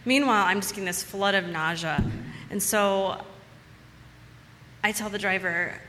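A woman's voice: mid-range voice, unhurried, pushed and bright, big-room sound. A woman telling a personal story to a live audience in a casual, chatty way, repeating words for emphasis.

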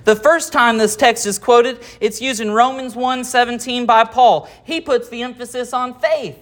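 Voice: medium pitch, steady tone, normal speed, fairly bright tone. Preacher explaining scripture verse by verse. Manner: explanatory, asks rhetorical questions; reads scripture aloud and comments verse by verse. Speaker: pastor. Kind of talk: expository sermon.

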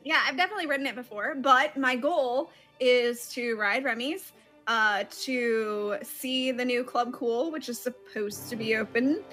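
A high, bright-voiced woman chats on a podcast, coy and playful as she teases her plans. Her tone is crisp and sharp, with faint music in the background. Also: a little slow. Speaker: podcast co-host, travel agent. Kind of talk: casual podcast chat.

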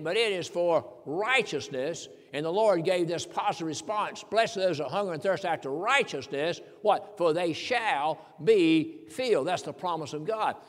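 High-voiced older preacher in a reverberant hall. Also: male voice. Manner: earnest, repeats key phrases for emphasis. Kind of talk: sermon. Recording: long reverb in a large hall.

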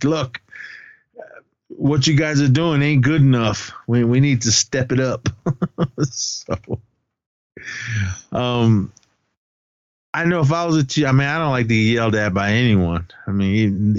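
A man co-hosting a podcast walks through a film scene by scene in loose, rambling chat, often slipping into quoted lines. His voice sits fairly low. The recording is dry and slightly dull. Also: no echo. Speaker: podcast co-host. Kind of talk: casual movie recap chat.

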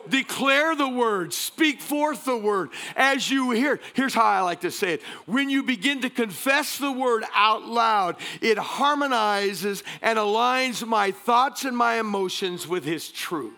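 A man preaching a sermon as pastor, energetic, calling out to the congregation and joking between points. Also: very high voice, a little slow, few pauses. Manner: energetic preaching with crowd call-and-response; joking asides, repeats words.

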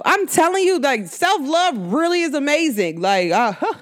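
A woman with a New York and New Jersey accent hosting a podcast, talking in a casual solo monologue, emphatic and slangy, with big swings in pitch. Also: sing-song, unhurried. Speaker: podcast host.

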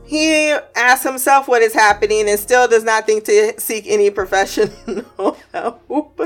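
A woman's voice: a little high, unhurried, fairly bright tone, soft background music. A woman giving a casual episode recap, chatty, laughing often, swearing and acting out quotes. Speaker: show recap host.

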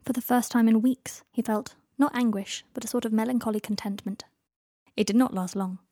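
A woman reading a fan fiction story aloud as narrator, in steady, even storytelling. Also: fairly high pitch, fairly quick, no echo, studio quality. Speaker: audiobook narrator.

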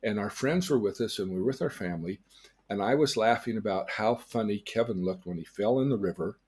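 An older man, a change coach, teaching through lively personal stories and acting out the people in them. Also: on the low side, brisk, breathy edge. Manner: animated storyteller who acts out quoted dialogue. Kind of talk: storytelling lesson on a podcast.

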